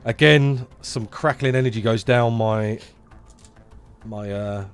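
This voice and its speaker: A man's voice: mid-range voice, slow pace, clean tone, soft background music. A man playing a tabletop game, thinking aloud casually as he rolls dice. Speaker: player.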